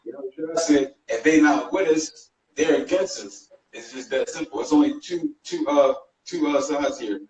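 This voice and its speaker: A man's voice: on the high side, moderate pace, darkish tone. A man preaching bluntly and emphatically as he reads scripture. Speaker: fellow preacher in a debate. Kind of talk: casual preaching with scripture reading. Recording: roomy, distant, faint noise.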